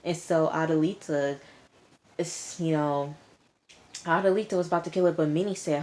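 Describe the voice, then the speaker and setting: Woman, low pitch, young adult, sassy, casual episode recap. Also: normal speed, darkish tone. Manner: sassy, talks back to the characters. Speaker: TV episode reviewer.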